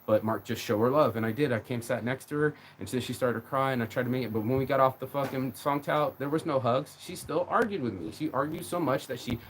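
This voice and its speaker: A man's voice: medium pitch, fast, few pauses, slight background noise. Rambling, profane man ranting on a livestream. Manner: rambling, profane, emotional, with many repeated words. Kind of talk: casual rant on a live stream.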